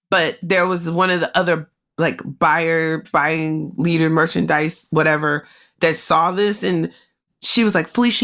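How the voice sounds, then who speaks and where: A woman with a lowish, fairly bright voice hosts a podcast. Conversational and full of "like" fillers, she tells a personal story candidly and emotionally while speaking directly to her listeners.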